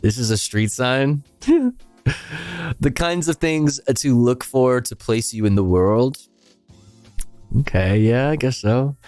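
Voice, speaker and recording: A man's voice: medium pitch, sing-song, slow pace, long pauses, darkish tone, dry recording, faint music behind. A man hosting a casual livestream, chatting with viewers, swearing offhandedly, trailing off and humming to himself. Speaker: livestream host. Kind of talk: casual stream chat, reading chat.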